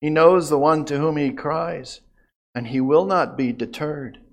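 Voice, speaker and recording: A high-voiced man delivers a sermon at a slow, deliberate pace. He drops to near-whispers before surging into emphatic, declarative lines. He lets long pauses hang between his phrases. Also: fairly even intonation. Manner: dramatic swings from hushed to emphatic. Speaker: preacher. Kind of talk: expository sermon.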